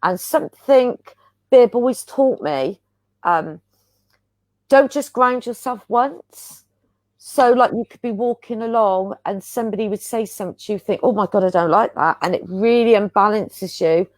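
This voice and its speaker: Brief: woman, earnest rambling guest on a spiritual chat, mid pitch, dry sound. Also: normal speed, a little mellow, no room sound. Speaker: guest healer.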